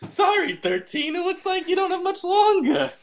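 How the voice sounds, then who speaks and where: A woman putting on the voice of a blunt, rude male TV doctor, mock-deadpan and breaking into laughter. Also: very high voice, moderate pace, heavily acted.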